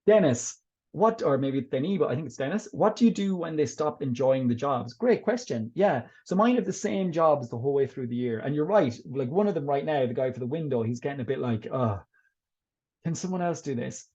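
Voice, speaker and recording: A man's voice: fairly high pitch, expressive, brisk, dark tone, muffled recording. A man presenting a teaching workshop in a webinar, upbeat and encouraging as he answers questions from teachers. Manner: upbeat and encouraging, talks teachers through tips. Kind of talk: webinar talk and Q&A.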